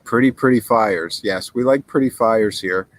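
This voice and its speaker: A man hosting a call-in show in casual chat, recorded on a laptop outdoors by a fire in the mountains, relaxed and easily amused. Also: fairly low pitch, normal speed, rough recording. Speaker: host. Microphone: laptop mic.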